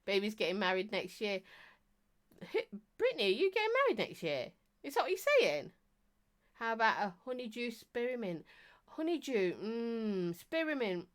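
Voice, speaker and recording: A woman's voice: fairly high pitch, big pitch swings, moderate pace. A middle-aged woman, chatting on a live stream as she reads out viewer comments, teasing and talking non-stop with bursts of laughter. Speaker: vape reviewer and live streamer.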